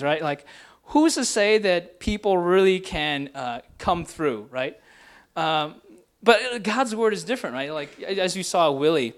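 A man's voice: a little high, lively intonation, unhurried. A young man preaching a casual, conversational sermon to students, often tagging his points with "right?". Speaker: pastor.

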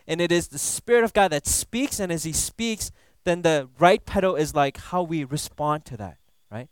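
A man's voice: a little high, expressive, moderate pace, clear, resonant tone, dry recording. A man preaching a conversational Bible teaching sermon, casual and playful, tossing in "you know" and "right?" asides. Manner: playful, laughs at his own jokes.

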